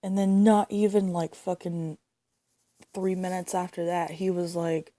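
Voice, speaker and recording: Indignant young woman ranting, mellow voice. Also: lowish voice, flat delivery, unhurried. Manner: indignant, swears a lot, repeats herself. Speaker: vlogger. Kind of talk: angry casual rant. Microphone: phone.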